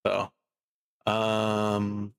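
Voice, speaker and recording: A man streaming live and chatting casually, drowsy and a bit down, rambling slowly with lots of fillers. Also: on the low side, completely flat delivery, gravelly, clean tone. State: sleepy and low in mood.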